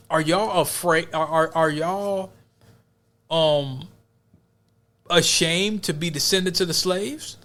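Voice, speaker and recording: A male podcast host talks in an emphatic, preachy way and restarts his sentences often. His voice sits a little high for a man. It is casual commentary that runs on and builds. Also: a bit bright.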